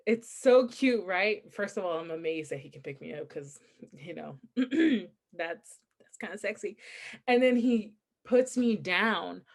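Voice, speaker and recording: A young adult woman co-hosting a casual podcast, telling a story with lots of laughter and acted-out quotes. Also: fairly low pitch. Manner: animated storytelling, laughs often, acts out quotes. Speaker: podcast co-host. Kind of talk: casual chat.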